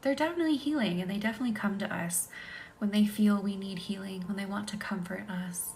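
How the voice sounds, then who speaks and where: A woman leading a live energy-healing session, calmly guiding affirmations, slipping into soft whispers and chatting with viewers from home. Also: mid-range voice, fast, background noise. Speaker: Reiki healer. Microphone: phone on a live stream. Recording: music playing behind.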